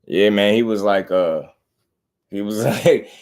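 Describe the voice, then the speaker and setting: A man's voice: on the low side, takes it slowly, darkish tone. A man hosting a boxing channel live stream, chatting casually with slangy, laid-back talk and greeting viewers.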